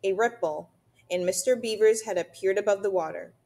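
A woman's voice: mid-range voice, fairly quick, dark tone. Woman reading a children's novel aloud. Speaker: reader.

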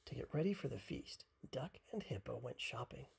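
A parent reading a picture book aloud at bedtime, softly and half-whispered. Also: mid-range voice, expressive, gravelly, slightly rough. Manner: soft, half-whispered, unhurried.

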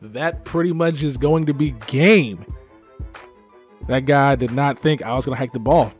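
A young gaming YouTuber from Texas commentating his own football video game match, sliding between low muttering and frustrated outbursts. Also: measured pace, soft background music. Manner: swings from muttering to frustrated yelling. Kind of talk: live gameplay commentary.

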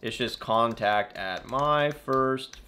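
This man's voice is medium in pitch, slow and sharp-toned. Hosting a casual aquarium live-stream Q&A from his California desert home, he answers viewer questions chattily and rambles, often correcting himself and apologizing.

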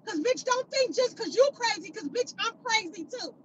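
A very high-pitched, bright woman lashes out at critics on a livestream, confrontational and profane. She hammers the same insults over and over into her phone, with a faint hum of a vehicle behind her. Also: animated, moderate pace, rough recording. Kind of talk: angry livestream rant.

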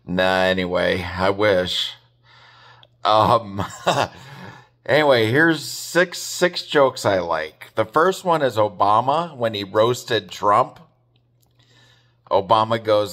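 Slow-talking Nebraska man telling jokes. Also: fairly low pitch, fairly bright tone. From Nebraska, USA. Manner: rambling, chuckles at his own punchlines. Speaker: amateur joke teller. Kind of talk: casual joke retelling to camera.

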